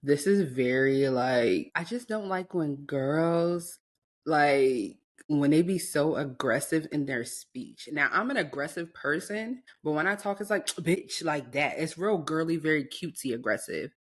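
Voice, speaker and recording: A woman with a notably deep, low voice, co-hosting a podcast in casual chat. She talks assertively and directly. She calls herself an aggressive alpha woman. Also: expressive, unhurried. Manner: assertive, self-described aggressive. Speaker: podcast co-host.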